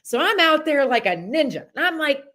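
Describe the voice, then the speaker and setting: A woman hosting a podcast, talking in a casual, chatty motivational monologue with many fillers and lively storytelling. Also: high voice, fairly quick. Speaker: podcast host.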